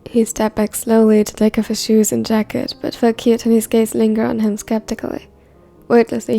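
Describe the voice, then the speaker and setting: A woman narrating a fan fiction story in a steady reading voice. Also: a little high, creaky.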